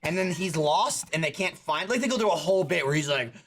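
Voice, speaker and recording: A man co-hosting a casual chat, telling stories in an animated way and slipping into mocking voices. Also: a little high, fast talker. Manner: animated storyteller, swings into mocking voices and shouts. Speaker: podcast co-host.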